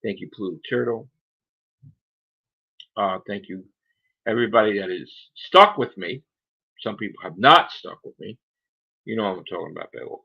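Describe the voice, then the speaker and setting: A man's voice: on the low side, animated, moderate pace, gravelly, long pauses, husky. A man hosting a casual livestream chat, rambling through grumbling asides while losing his voice. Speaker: livestream host. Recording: dull lo-fi sound.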